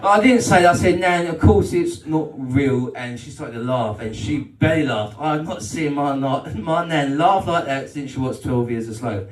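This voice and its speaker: A man's voice: medium pitch, animated, normal speed, hardly any pauses, a little hiss or hum. A man doing a live stand-up set, crude and self-deprecating, bantering with the crowd. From England. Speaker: stand-up comedian. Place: comedy night in a club function room. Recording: roomy live hall from far off.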